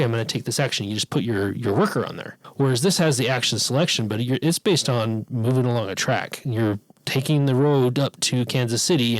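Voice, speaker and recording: A man's voice: mid-range voice, dry recording, low-quality recording. A man co-hosting a board game podcast, chatting casually, laughing often and restarting his sentences. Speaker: podcast co-host. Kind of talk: casual chat about board games.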